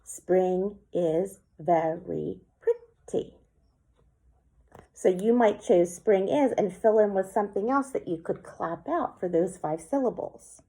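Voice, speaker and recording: A woman teacher giving a slow, clear poetry lesson for children, sounding out words syllable by syllable. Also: mid-range voice, warm tone.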